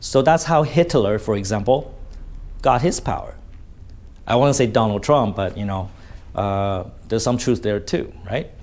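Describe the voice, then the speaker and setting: A man's voice: fairly low pitch, unhurried, darkish tone. A man telling a story in casual vlog commentary, blunt and full of swearing, often adding "right?" to his sentences. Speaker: vlogger.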